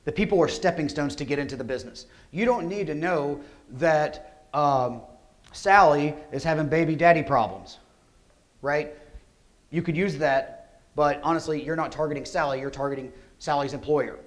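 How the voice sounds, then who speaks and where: Fairly high-voiced guy presenting at a conference, chatty and energetic. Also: moderate pace. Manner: energetic, conversational, rhetorical questions. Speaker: conference speaker. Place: conference hall.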